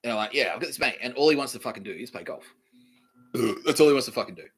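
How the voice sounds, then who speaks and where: A man with an Australian accent delivering a rambling, profane comedic monologue, repeating himself and swinging between loud outbursts and mumbling. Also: mid-range voice, lively intonation, fast, slightly rough. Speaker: podcast host.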